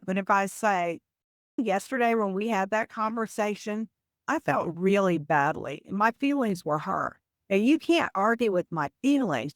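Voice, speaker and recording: A woman guest on a podcast interview, explaining habits in a measured, example-filled conversational way. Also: fairly low pitch, dry recording. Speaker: podcast guest, communication coach.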